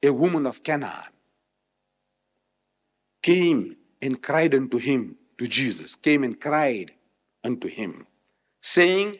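A man from South Africa giving a public religious lecture, switching between loud rhetorical questions and quiet explanation. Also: mid-range voice, lively intonation, takes it slowly, pauses often. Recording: echoey hall, old remastered recording.

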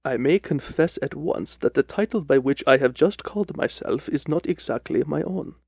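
Brief: a man putting on a commanding, formal royal client for a radio drama, fairly high voice, dry close sound. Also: expressive, normal speed, vocal fry, breathy edge, no room sound, exaggerated voice. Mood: grave. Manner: formal, commanding, louder than the narration. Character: proud, agitated male European king.

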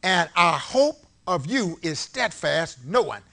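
A man preaching a sermon in a church, leading call-and-response and swinging from low talk to shouted peaks. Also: big pitch swings, slow. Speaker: pastor. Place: church sanctuary before a congregation. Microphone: live-streamed service mic.

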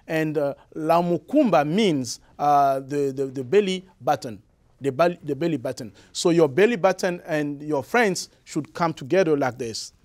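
Young Congolese man, French accent, slightly high voice, hesitant guest answers. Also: darkish tone. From Republic of the Congo. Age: young adult. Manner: halting, many restarts and fillers. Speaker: guest musician. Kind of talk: interview answers.

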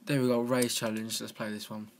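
A man giving casual, excitable let's-play commentary from his computer, talking to the game and yelping at crashes. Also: medium pitch, fairly quick, a little hiss or hum. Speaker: gaming channel host. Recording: home mic with clear keyboard clicking.

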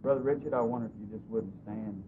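A man preaching in a church, telling a personal story earnestly, his voice swinging between loud and soft. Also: fast talker. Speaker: pastor. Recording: dull lo-fi recording with faint hiss and rumble.

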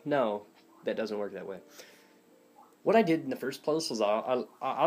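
A young man talks through a casual voice tutorial, rambling and self-deprecating with plenty of fillers. His pitch sits right in the middle for a man. It sounds recorded on a phone or webcam at home. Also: fairly quick, a little mellow. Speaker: voice impressions teacher.

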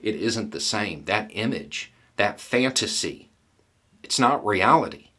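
A middle-aged man giving a solo commentary monologue, blunt and folksy, pressing rhetorical questions between deliberate pauses. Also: fairly low pitch, animated, pushed and bright, slightly rough. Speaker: political commentator.

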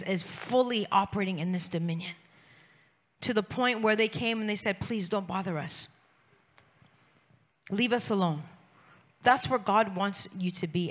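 A woman's voice: mid-range voice, fairly bright tone. A woman preaching a sermon to a congregation, repeating phrases for emphasis and urging the listeners to call back to her. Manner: urges the congregation to respond aloud.

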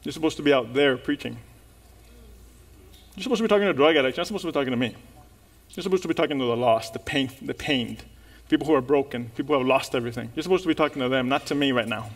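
A man's voice: medium pitch, rapid-fire, natural voice. A man voicing a male Pentecostal preacher who speaks with a firm, earnest rebuke. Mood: stern. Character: stern male Pentecostal preacher giving a calling.

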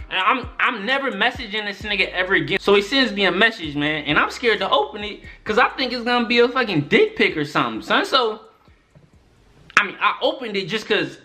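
A man's voice: high voice, bright, forceful tone. A young man telling a story-time tale in casual, profane slang, often repeating "son" and "my nigga". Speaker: YouTube storyteller.

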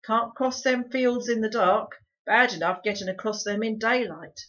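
A woman voicing a tired, blunt little borrower father who speaks flatly in rough country grammar, in a storybook reading. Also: on the high side, normal speed, natural voice. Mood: weary blunt. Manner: flat, weary, blunt rustic grammar. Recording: dull lo-fi recording.

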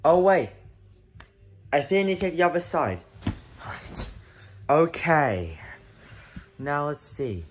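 A man's voice: fairly high pitch, big pitch swings, slow, long pauses. A young man playing a confused driver in a comedy skit, flustered and whiny, stammering as he talks.

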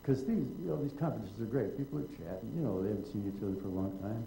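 Older man, deep voice, very mellow tone, wry storyteller, roomy echo. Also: rapid-fire, creaky, slight background noise. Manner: wry, digressive storyteller who acts out quotes. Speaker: guest writer in public conversation. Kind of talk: anecdotal storytelling on stage. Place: auditorium at a public event.

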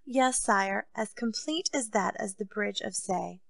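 A woman reading aloud voices a loyal male captain of musketeers, speaking in measured, deferential pleading to his king. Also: mid-range voice, gravelly, fairly bright tone, no echo. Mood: respectful.

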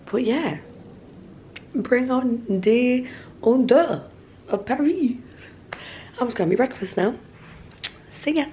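A young woman chatting excitedly to camera in a casual vlog, giggly and talkative. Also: a little high, background noise. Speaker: vlogger.

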